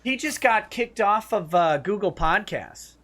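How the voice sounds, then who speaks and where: A man hosting a casual livestream chat, telling stories with plenty of laughter and animated impressions. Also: high-pitched, unhurried. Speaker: livestream host.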